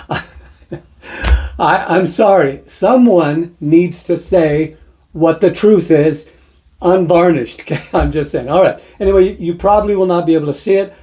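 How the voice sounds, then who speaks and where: A man's voice: fairly high pitch, mellow. A middle-aged man giving impassioned, moralizing commentary as host of an online show. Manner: impassioned, moralizing, laughs nervously. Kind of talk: preachy commentary monologue.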